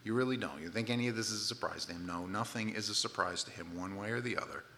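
A man preaching a sermon in a conversational way, often restarting and repeating words, and growing loud and emphatic at his high points. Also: fast talker, slight background noise. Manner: grows loud and emphatic at climaxes. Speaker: pastor.

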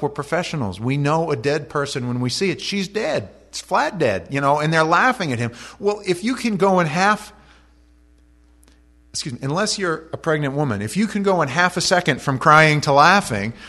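A man's voice: mid-range voice, fairly bright tone. A man preaching a sermon in a church, talking to the congregation in a conversational way and breaking off for joking asides. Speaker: pastor.

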